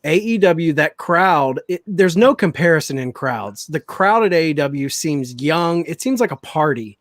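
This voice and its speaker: A man's voice: fairly high pitch, animated, a little slow, no room sound, studio quality. A man in his late thirties co-hosting a casual wrestling podcast, making emphatic points and stammering as he starts them. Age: late 30s. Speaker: podcast co-host.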